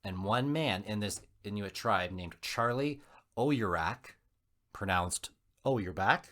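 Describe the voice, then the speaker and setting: A man hosts a podcast and tells a story in a low voice. His pitch swings a lot as he talks, and he tosses in jokes along the way. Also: takes it slowly. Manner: joking, animated storyteller. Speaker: podcast host. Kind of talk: casual storytelling chat.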